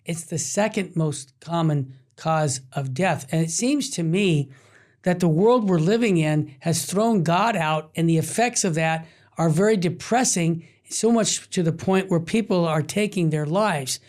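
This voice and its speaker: A man's voice: on the high side, a little slow. A man hosting a Catholic radio talk show, telling stories with energy and acting out the voices of people he quotes. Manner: animated storyteller, acts out quoted voices.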